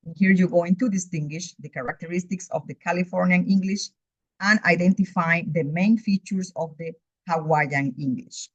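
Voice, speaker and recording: A woman's voice: fairly low pitch, moderate pace, no room sound. A woman teaching English, whose first language is Spanish, reading methodically through a course outline in a recorded overview. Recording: dull lo-fi recording, dry.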